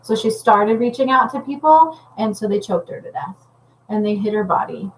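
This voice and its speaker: A woman's voice: mid-range voice, expressive, moderate pace, a little hiss or hum, rough recording. A woman working as a spiritual healer and medium, talking casually and intensely to viewers on a livestream, rambling and often checking in with "okay?".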